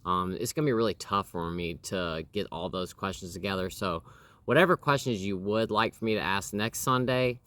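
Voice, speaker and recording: A man's voice: sits low, normal speed, sharp tone, no room sound. A man in his thirties hosting a casual home interview with his wife, rambling with lots of fillers and restarts.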